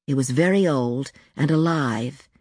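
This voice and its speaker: A woman narrating a literary story in a calm, measured, lyrical audiobook reading. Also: rumbling low, breathy edge, dry recording, studio quality.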